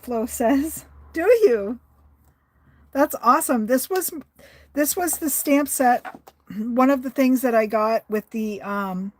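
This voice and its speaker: A woman hosting a live craft stream in a relaxed, unhurried way. Her voice sits a little high, and she chats easily, reading out viewers' comments as she goes. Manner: chatty, reads viewer comments aloud. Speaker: craft livestream host. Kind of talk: casual livestream chat.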